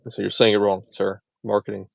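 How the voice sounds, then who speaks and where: A man's voice: lowish voice, little pitch movement, a little fast, creaky, no echo, studio quality. A man from New York hosting a livestream, chatting casually, joking and laughing often. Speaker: streamer host.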